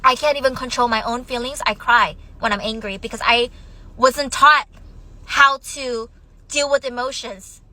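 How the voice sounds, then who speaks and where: A woman's voice: on the high side, steady tone, normal speed, bright, forceful tone, poor audio. A mother telling a personal story in an emotional, shaky voice, close to tears. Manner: tearful, shaky, on the verge of crying. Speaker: mother of young children.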